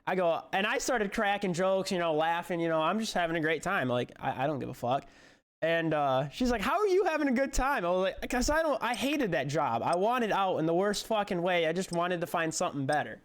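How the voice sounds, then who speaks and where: A man's voice: fairly high pitch, fairly quick. A young man casually telling a story to his camera, rambling, swearing and laughing as he goes. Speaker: vlogger.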